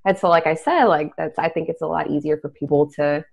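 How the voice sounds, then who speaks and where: A woman's voice: low-pitched, fairly quick, vocal fry, a little mellow. A young adult woman hosting a podcast, telling a spooky story in casual chat. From Texas. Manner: storytelling, trailing off. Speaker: podcast host. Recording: dull lo-fi recording.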